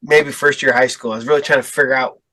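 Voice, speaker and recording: A man telling a story in casual podcast chat, acting out quotes with big jumps in pitch. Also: fairly even intonation, racing, pushed and bright. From Ohio. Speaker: podcast guest.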